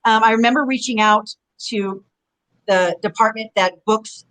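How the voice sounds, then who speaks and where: Her voice is on the high side and moderately paced, caught on a rough recording. She's a middle-aged Southern Californian and ex-wrestler, guesting on a video-call interview, rambling through stories in an animated, casual way.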